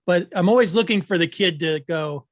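A man in casual conversation, relaxed and agreeable, sharing brief anecdotes. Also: sits high, normal speed, dry recording, studio quality. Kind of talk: casual chat.

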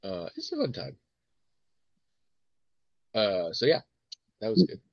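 A man co-hosting a podcast in casual chat, telling stories animatedly with quick restarts and putting on voices now and then. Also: fairly low pitch, wildly swooping pitch, vocal fry, dry recording. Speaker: podcast co-host. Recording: dry, slightly muffled mic.

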